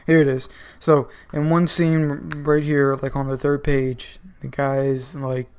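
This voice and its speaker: A man's voice: mid-range voice, little pitch movement, unhurried, a little mellow, smooth. A man reviewing comic books in a casual, rambling style full of fillers. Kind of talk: casual video commentary.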